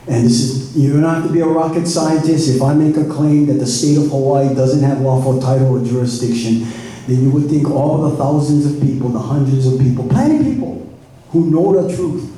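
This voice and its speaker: Man, public commenter, argumentative and fed up, very dark mellow tone, distant in an echoey hall. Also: medium pitch, a little hiss or hum. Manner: exasperated, argumentative. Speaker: public commenter at a planning meeting. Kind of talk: public testimony. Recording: echoey meeting room from far off.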